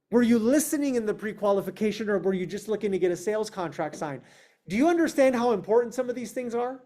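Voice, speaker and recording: In an online meeting, a man with a very high-pitched, slightly mellow voice drives a real estate sales session over video. He pushes his team hard with pointed questions and acts out clients by quoting them in voices.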